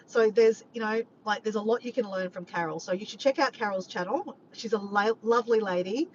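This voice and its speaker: A woman's voice: medium pitch, brisk. A woman chatting casually to her vlog audience, rambling from point to point and swearing freely. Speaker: vlogger. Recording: dull lo-fi sound with faint background noise.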